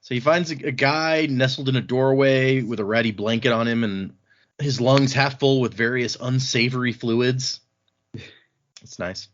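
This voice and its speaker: A man's voice: mid-range voice, steady tone, normal speed. A man hosting a podcast, casually recapping book chapters, laughing often and slipping into voices for quotes. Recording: dull lo-fi sound.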